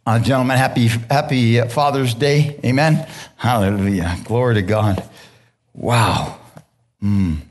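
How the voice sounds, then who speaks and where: A man's voice: medium pitch, measured pace. Call-and-response man preaching a sermon. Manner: call-and-response, frequent "hallelujah" and "amen?"; relaxed, laughing, conversational preaching. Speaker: pastor. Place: church sanctuary.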